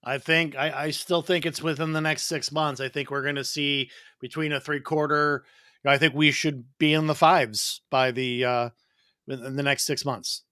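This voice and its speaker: A man's voice: on the high side, fairly even intonation, normal speed, sharp tone, no room sound, clean studio sound. A man co-hosting a casual real estate chat, easygoing and informative. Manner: easygoing, informative, rambling with restarts. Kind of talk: casual live-stream chat.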